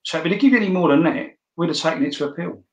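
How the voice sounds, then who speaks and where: A man's voice: a little high, lively intonation, rapid-fire, lo-fi sound. Blunt, swearing man in an echoey room. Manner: blunt, swears freely, stammers on restarts. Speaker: interview guest. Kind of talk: casual storytelling.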